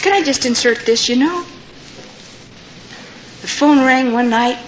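A woman's voice: high-pitched, a little slow, long pauses. An older woman giving a personal testimony to an audience, telling stories and acting out the voices of the people in them. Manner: storytelling, acting out quoted voices. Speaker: speaker giving her testimony. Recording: dull lo-fi recording with faint noise.

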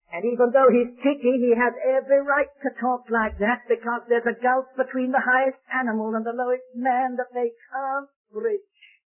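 A man preaching a sermon with dramatic storytelling and slow, emphatic stresses. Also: extremely high pitch. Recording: tinny old lo-fi recording.

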